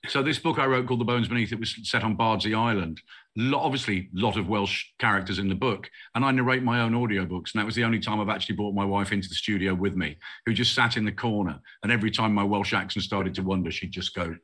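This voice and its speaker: A man, a crime novelist, talking casually on a festival panel, with sudden lively lifts in his voice when he starts an answer. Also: lowish voice, fast, breathy edge.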